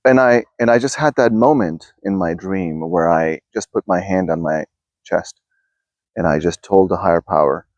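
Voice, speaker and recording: Self-help vlogger, male, low voice, outdoors, rambling and casual, dry lo-fi recording. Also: moderate pace, a little mellow, no room sound. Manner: rambling, restarts often, talks to viewers. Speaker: self-help video host. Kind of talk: casual spoken musing to camera. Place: outdoors in a backyard.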